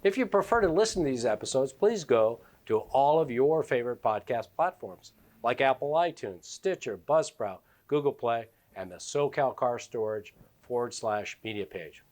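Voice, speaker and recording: A man's voice: mid-range voice, expressive, moderate pace, darkish tone. Friendly male podcast host. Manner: friendly, affirming, promo-style wrap-up. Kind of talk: interview hosting and sign-off. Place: car storage shop.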